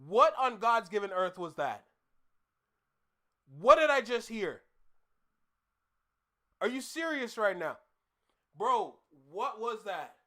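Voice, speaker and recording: A man's voice: sits high, big pitch swings, slow pace, pauses often, sharp tone. A man hosting a reaction video, talking casually with slang and laughter and repeating his disbelief.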